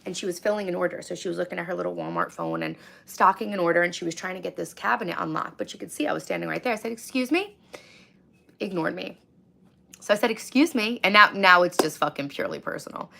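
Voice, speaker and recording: A woman in her thirties talks straight into her phone on a live stream, her voice hoarse and rough with fry. She sits a touch low in pitch and rants bluntly, swearing freely as she reads and answers the chat. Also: fast, sharp tone. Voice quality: gravelly. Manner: blunt, profane, ranting storyteller. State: hoarse, lost voice from screaming.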